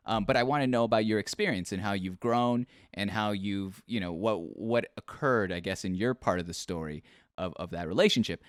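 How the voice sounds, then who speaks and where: A man hosting a casual interview podcast, asking questions in lively bursts with frequent restarts. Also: fairly low pitch, brisk, no echo, clean studio sound. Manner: animated, talks in bursts with restarts and laughs. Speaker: podcast host.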